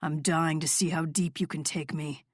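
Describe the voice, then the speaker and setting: A confident male rock star, put on by a woman narrator, speaks low and murmuring, teasing and commanding. The voice sits deeper than usual, recorded close and dry with no room sound. An audiobook romance character voice. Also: fairly even intonation, normal speed, husky, dry recording.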